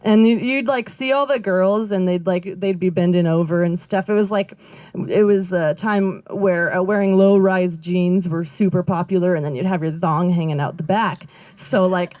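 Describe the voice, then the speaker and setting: A woman's voice: lowish voice, fairly even intonation, normal speed, a little mellow, no room sound. A young adult woman doing stand-up outdoors, telling a story in a rambling, self-interrupting way and giggling often. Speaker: stand-up comedian. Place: outdoor backyard show.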